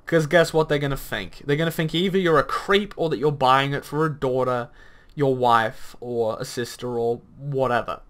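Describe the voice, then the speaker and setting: A man's voice: medium pitch, moderate pace, a bit bright. A man hosting a gaming commentary video, arguing bluntly, swearing at times, and rambling through lots of fillers. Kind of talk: reaction commentary rant.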